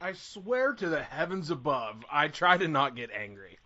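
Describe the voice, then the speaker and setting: High-voiced hyped-up podcast host man. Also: big pitch swings, moderate pace, sharp tone, dull audio. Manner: hyped-up, prone to rants. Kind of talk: casual podcast banter.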